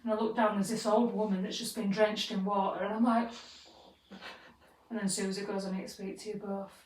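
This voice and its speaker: A woman co-hosting a podcast, telling a story in a casual, animated way and swearing freely. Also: mid-range voice, brisk, distant mic. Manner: animated, swears freely, acts out quoted voices. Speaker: podcast co-host. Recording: roomy sound, away from the mic.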